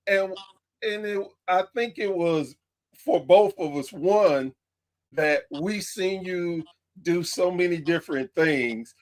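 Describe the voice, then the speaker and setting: Man, podcast host, high voice, slow pace, laughs often, casual chat. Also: lively intonation.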